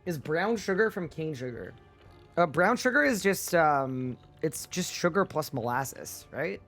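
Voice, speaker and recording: A man's voice: fairly high pitch, expressive, measured pace, a bit bright, soft background music. Playful male game streamer. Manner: playful, incredulous banter. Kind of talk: casual livestream chat with viewers.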